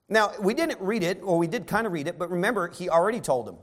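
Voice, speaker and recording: A man preaching a sermon who reads scripture aloud and then retells it in casual modern words, swinging between soft asides and loud emphatic stretches. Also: sits high, animated, fast.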